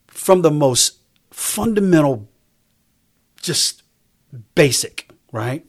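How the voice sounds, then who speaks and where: This faith talk show guest, a man in his fifties, has a mid-range, slightly rough voice with lively intonation and a normal pace. He talks with emphasis in a sermon-like rhythm, returning again and again to his central lines.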